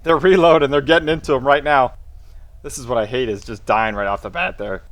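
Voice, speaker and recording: Male streamer, mid pitch, casual chat to viewers, quick calls to his squad. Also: steady tone. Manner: chats with viewers, barks orders to teammates. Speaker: game streamer. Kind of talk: casual live gameplay commentary.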